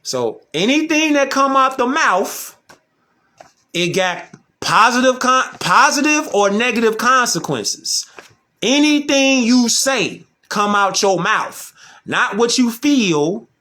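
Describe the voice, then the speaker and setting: A man's voice: very high-pitched, sing-song, slow pace, sharp tone. A man talking in a casual, slangy monologue, emphatic and full of rhetorical questions. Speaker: vlogger.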